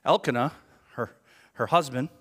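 A male pastor preaching a conversational sermon. He swings from hushed asides to loud, emphatic peaks and asks the congregation many rhetorical questions. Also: mid-range voice, moderate pace, breathy edge. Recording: long hall reverb.

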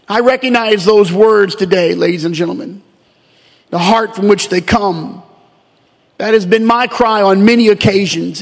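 A man with a high voice preaches a sermon, starting measured and reflective, then rising into fervent, pleading cries. His words ring out with a long reverb around a church sanctuary. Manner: builds from quiet reflective reading to impassioned pleading. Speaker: pastor.

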